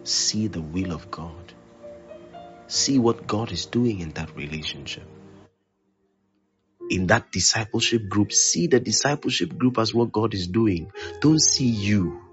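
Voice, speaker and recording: A man preaching a sermon as pastor, repeating his phrases with force, then dropping to a hush. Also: fairly low pitch, lively intonation, measured pace, muffled recording, soft background music. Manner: emphatic preaching, repeats phrases, swings loud to hushed.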